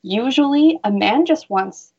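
A woman's voice: a little high, lively intonation, a little slow, a little mellow, slightly rough, highs cut off. A woman who works as a bra fitter, talking earnestly in a casual interview and telling stories with animation.

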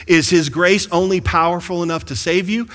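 A man preaching a sermon as pastor to his congregation, calling out to them and building to excited bursts. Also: high voice, normal speed. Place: large church sanctuary. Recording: long hall reverb.

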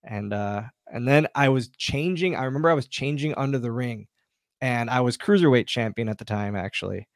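A man with an ordinary mid-pitched voice tells a relaxed, animated story. He acts out bits of dialogue as he goes. The sound is dry and close, with no room echo. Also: brisk. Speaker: guest, former wrestler. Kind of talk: casual storytelling.

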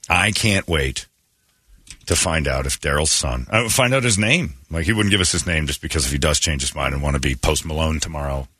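A man's voice: rumbling low, animated, fairly quick, pushed and bright, husky, no room sound. A man hosting a morning radio show, joking and rambling in casual banter at a studio microphone.

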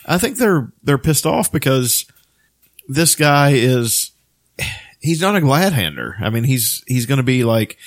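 A man's voice: mid-range voice, big pitch swings, unhurried. A man co-hosting a casual comedy chat, dropping dry, wry asides.

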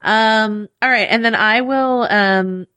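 A woman's voice: a little high, takes it slowly, bright, forceful tone, clean tone, no room sound. A woman co-hosting a podcast, chatting casually with many fillers and frequent laughs. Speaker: podcast co-host.

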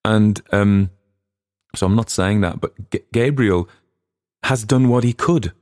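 A man's voice: low-pitched, creaky, darkish tone, no echo, studio quality. An English man hosting a podcast, chatting casually in a rambling, digressive way with frequent restarts. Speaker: podcast host and reader.

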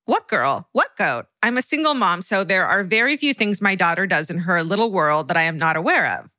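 Animated bright-voiced woman co-host. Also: lowish voice, fairly quick, no echo. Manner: animated, laughs and tears up while reading. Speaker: podcast co-host. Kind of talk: casual chat, reading listener stories.

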